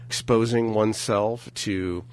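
Hoarse, breathy man hosting radio. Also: fairly low pitch, fairly even intonation, measured pace, a little mellow. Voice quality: scratchy, breathy. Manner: playful, chatty, reflective. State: hoarse from a lingering cough. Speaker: radio host. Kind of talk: casual radio chat. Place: radio studio. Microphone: studio mic.

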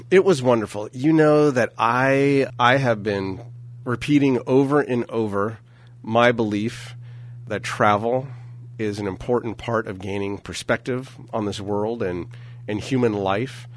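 A man hosting a casual radio talk show in a studio, hoarse and breathy from a lingering cough, playful and chatty. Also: mid-range voice, slow pace. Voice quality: scratchy, breathy. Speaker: radio host. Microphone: studio mic.

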